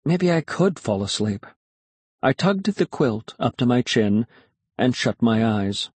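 A man's voice: medium pitch, very animated, slow pace, a little mellow, breathy edge, no echo. A man reading a children's story aloud in the first person, expressively. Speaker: audiobook narrator.

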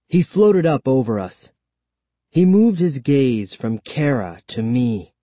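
Male audiobook narrator, slow and lively, mellow tone, dry close mic. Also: medium pitch, no room sound. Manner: slow, expressive storytelling.

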